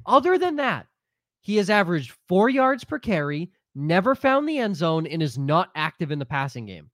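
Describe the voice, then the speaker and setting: A man's voice: high-pitched, big pitch swings, normal speed, a bit bright, dry recording. A man co-hosting a sports podcast with a stuffy, congested voice. He talks bluntly and swears freely. The recording is dry and close, with no room sound. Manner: blunt and profane, runs the listener questions. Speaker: podcast co-host.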